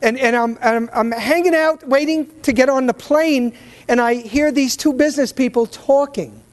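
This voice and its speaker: A man giving a motivational talk to a live audience from a stage, an animated storyteller who often stammers and repeats words. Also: very high-pitched, moderate pace. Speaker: keynote speaker. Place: event stage.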